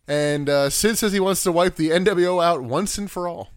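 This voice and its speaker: A man co-hosting a casual podcast, animated and laughing often as he recaps. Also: high voice, normal speed, few pauses, no room sound. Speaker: podcast co-host. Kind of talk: casual chat recapping wrestling.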